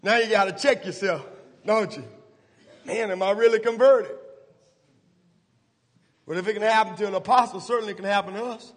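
A man's voice: sits high, brisk, long pauses. Impassioned preacher man in an echoing church. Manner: impassioned, rising to shouts, Southern Black church cadence. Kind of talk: sermon. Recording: long reverb of a church hall.

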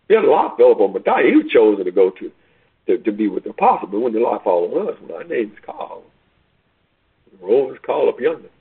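A man's voice: lowish voice, creaky, husky. A man preaching a sermon, repeating himself and building to rising, urgent questions. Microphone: phone call line. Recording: tinny phone line.

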